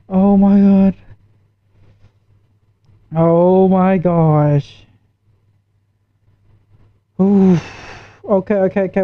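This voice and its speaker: A woman's voice: on the low side, steady tone, slow pace, pauses often, no room sound. A woman streaming a live reaction, stammering and repeating herself as she gets spooked. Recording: dull lo-fi stream mic.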